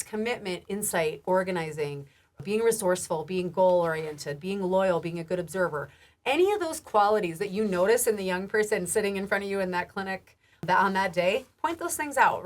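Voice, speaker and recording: A woman health educator giving a recorded training lecture, casual and chatty with frequent laughs, restarts, and a rising lilt at the ends of phrases. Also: mid-range voice. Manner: casual, warm, laughs often, many restarts and fillers.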